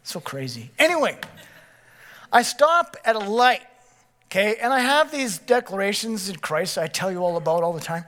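Male pastor, sermon delivery: high, bright voice, storytelling with frequent "okay?" asides to the room. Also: moderate pace. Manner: animated storytelling with frequent "okay?" check-ins.

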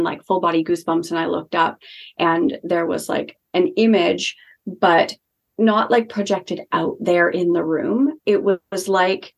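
A young holistic healing practitioner, interviewed on a podcast, recounts a personal experience in a lowish, gravelly voice. Her casual storytelling is earnest and chatty, full of "like" fillers.

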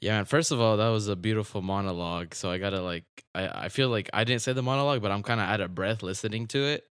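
A man co-hosting a casual football podcast, chatting in a relaxed, rambling way with lots of fillers. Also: on the low side, fast, smooth, dry recording, studio quality. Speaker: podcast co-host. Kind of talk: casual sports podcast chat.

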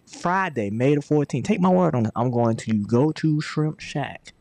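A man's voice: a little high, animated, normal speed, vocal fry, a little mellow, no room sound. Stammering man hosting a podcast. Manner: stammering, repeats words. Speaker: podcast host. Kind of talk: casual chat.

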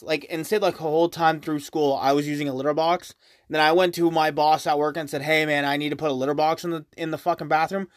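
A woman's voice: fairly low pitch, no room sound. Woman, podcast host, solo rant, exasperated, profane, dry sound. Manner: exasperated, profane, mocks others in put-on voices.

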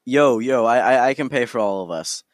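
A man's voice: mid-range voice, expressive, normal speed, no echo, studio quality, natural voice. A man voicing a laid-back adventurer who talks in an offhand, slangy way.

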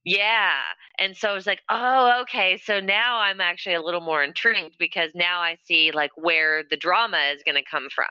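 A woman co-hosting a podcast in loose, casual chat, laughing often and swearing freely as she rambles. Her voice is very bright and sharp, recorded dry and close with a dull, lo-fi tone. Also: lowish voice, a little fast, few pauses, clear, resonant tone, dry recording. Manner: giggly, swears freely, rambling with many fillers. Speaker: podcast co-host.

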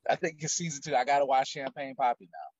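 A man's voice: mid-range voice, fairly even intonation, quick pace, no echo. A man co-hosting a podcast in casual, laid-back chat with rambling asides. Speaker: podcast co-host. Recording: dull dry lo-fi mic.

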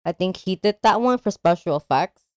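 A woman co-hosting a podcast, chatting about a movie in an animated way, laughing often and acting out quotes. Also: lowish voice, a little fast, no echo, studio quality. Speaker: podcast co-host. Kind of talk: casual movie discussion.

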